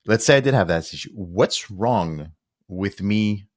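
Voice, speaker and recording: A man's voice: fairly low pitch, expressive, a little slow, dry recording, studio quality. A man co-hosting a podcast who keeps probing, repeating his question in casual chat. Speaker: podcast co-host.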